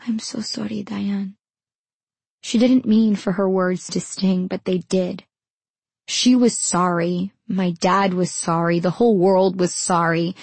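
A woman narrating her own memoir in the first person, in a measured, intimate storytelling manner. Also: lowish voice, fairly even intonation, darkish tone, no room sound.

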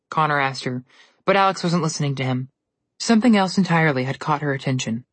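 Woman reading a storybook aloud, low and dry. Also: no echo. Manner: even, measured reading. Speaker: narrator. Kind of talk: storybook narration.

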